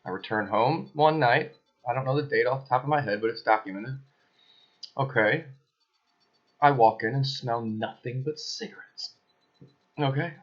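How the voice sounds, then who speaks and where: A man's voice: mid-range voice, moderate pace, pauses often, highs cut off. A man talking to camera in his apartment, in a casual, emphatic and accusatory monologue with suspicious asides. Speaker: video blogger.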